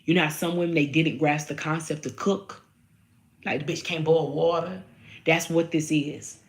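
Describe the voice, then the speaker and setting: A woman with a low, deep-set voice speaks straight to her viewers. She is blunt and profane, slips into slang and repeats her points again and again until they land. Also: fairly even intonation, normal speed. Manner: addresses viewers directly, slangy. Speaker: vlogger. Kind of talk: candid monologue to camera.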